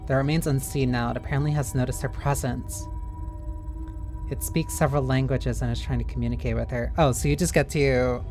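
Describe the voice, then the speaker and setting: Chatty streamer narrating game text live, mid-pitched, over low music. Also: fairly even intonation, fairly quick, darkish tone. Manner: chatty, reads game text aloud with many fillers.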